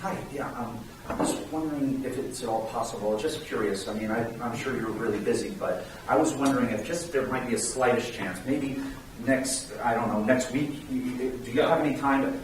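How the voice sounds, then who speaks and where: A man's voice: mid-range voice, brisk, a little hiss or hum, pitched below the performer's own voice, close to an everyday voice. A man voicing a timid, hesitant male cold caller who stammers and apologizes. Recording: echoey room, mic far off.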